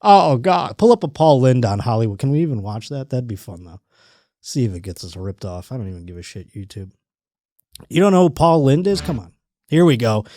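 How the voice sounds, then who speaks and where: Animated, foul-mouthed podcast host man. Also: mid-range voice, a little fast, no room sound. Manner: profane, joking, rambling. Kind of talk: casual podcast chat.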